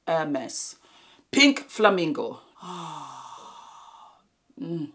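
This female beauty vlogger's voice sits low with a fairly bright tone, and she speaks at a slow pace over faint background music. Gushing warmly at her viewers during a makeup tutorial, she occasionally murmurs as she applies products.

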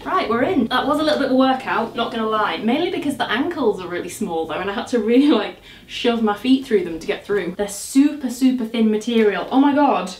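A woman's voice: on the high side, lively intonation, a little fast, reverberant. A young woman vlogging casually as she struggles into clothes, chatty and self-mocking, exclaiming and groaning, at times out of breath. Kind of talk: casual try-on vlog.

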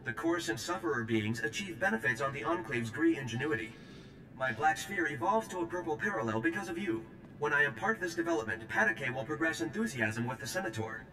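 An actor playing a formal alien engineer in a video game, speaking in oddly stilted phrases. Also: male voice, on the low side, lively intonation, fairly quick, reverberant, background noise, close to an everyday voice. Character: alien male engineer, formal and strangely worded.

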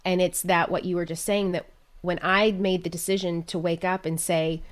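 A woman's voice: fairly low pitch, little pitch movement, moderate pace. A woman in her thirties, a podcast guest and business coach, telling a personal story in an earnest, candid way. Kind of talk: casual interview chat.

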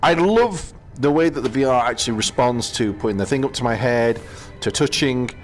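A British man casually commenting as he plays a VR game, chatting to himself with quick exclamations. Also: mid-range voice, expressive, soft background music. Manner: chatty, talks to himself while playing, exclamations. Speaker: gaming channel host.

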